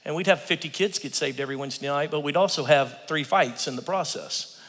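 A man in his fifties preaching a humorous sermon in a church, an animated storyteller who laughs often. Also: fairly high pitch, fairly quick, breathy edge. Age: 50s. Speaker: guest preacher. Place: church sanctuary. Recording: long reverb of a large hall.

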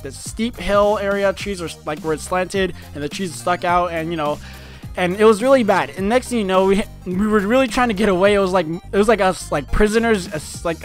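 Young man rambling through a story. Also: high voice. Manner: rambling, fillers and restarts, animated retelling. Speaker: vlogger. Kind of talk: casual storytelling.

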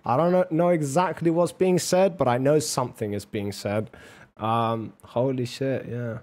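A man's voice: mid-range voice, moderate pace, darkish tone. A man hosting a debate on a livestream, chatting casually with lots of swearing, laughter and rambling banter. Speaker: debate host.

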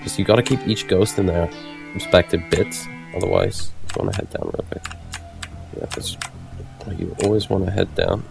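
A man's voice: low voice, fairly even intonation, moderate pace, creaky. A man casually explaining his tactics as he plays a video game, with the odd curse. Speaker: gameplay commentator. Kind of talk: let's play commentary. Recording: game music behind voice. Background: game music.

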